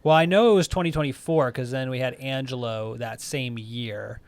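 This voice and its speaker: A man's voice: medium pitch, moderate pace, no room sound. Chatty man on a casual podcast. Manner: relaxed, chatty, repeats himself and hedges. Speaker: podcast co-host.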